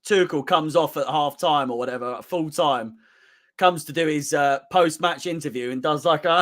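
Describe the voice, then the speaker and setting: Hoarse, excitable football fan. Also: male voice, on the high side, moderate pace. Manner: excitable, swears heavily, swings from muttering to screaming. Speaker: fan channel host. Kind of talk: live match watchalong commentary.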